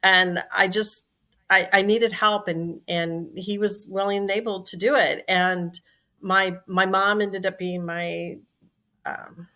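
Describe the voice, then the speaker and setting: A woman in her sixties, a company CEO, telling a lively story in conversation and acting out the quoted dialogue. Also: medium pitch, takes it slowly.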